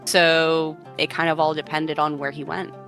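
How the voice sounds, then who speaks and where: A woman's voice: low-pitched, level tone, moderate pace, a bit bright, faint music behind. A woman co-hosting a podcast, casually retelling old myths in a chatty way, full of fillers. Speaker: podcast co-host. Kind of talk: casual storytelling chat.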